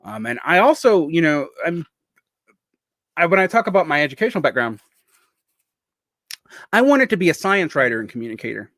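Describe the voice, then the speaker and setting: A man's voice: on the high side, very animated, a little fast, pauses often, a bit bright, no echo. A man of about forty, from the Southern United States, with a faint Southern accent and a speech impediment that blurs his r, l and w sounds, talking in a rambling, digressive vlog monologue full of restarts. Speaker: vlogger. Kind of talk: casual monologue.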